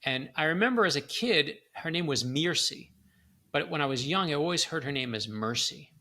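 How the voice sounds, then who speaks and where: A man's voice: a little high, quick pace. A middle-aged man, an author as a guest, telling personal stories in conversation and acting out the quoted lines. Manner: animated storyteller, acts out quoted lines. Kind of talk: storytelling in a conversation.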